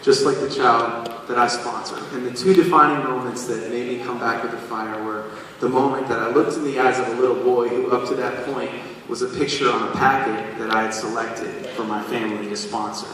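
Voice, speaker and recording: A singer on stage telling the audience a personal story, animated and self-deprecating. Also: male voice, medium pitch, brisk, slight background noise. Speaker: singer addressing a concert audience. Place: large concert venue. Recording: echoey live hall, taken from far off.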